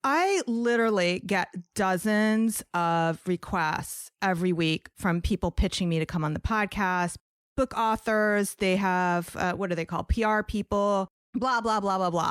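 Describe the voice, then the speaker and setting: A woman's voice: medium pitch, normal speed, clean tone, no room sound, studio quality. A woman with a New York accent hosting a podcast interview, talking in a chatty, enthusiastic way. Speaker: podcast host. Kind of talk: casual interview chat.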